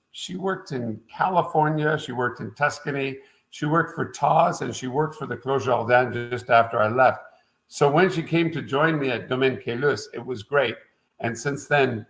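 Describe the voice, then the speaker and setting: A man's voice: medium pitch, fairly bright tone, low-quality recording. Rambling middle-aged man from Quebec. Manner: rambling and anecdotal, frequent "uh" fillers. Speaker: winemaker guest. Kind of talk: casual interview storytelling.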